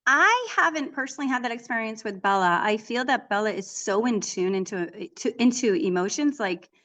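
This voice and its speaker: A woman's voice: on the high side, normal speed. Chatty middle-aged woman telling stories. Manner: chatty, animated storytelling with frequent restarts. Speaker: author and equine therapist, guest. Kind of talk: casual interview conversation.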